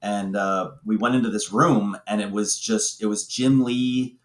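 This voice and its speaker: A man from Northern California with a somewhat low voice tells a laid-back story on a podcast. A roomy echo hangs around his voice. He talks in an easygoing way. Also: fairly even intonation, unhurried. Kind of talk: casual podcast chat.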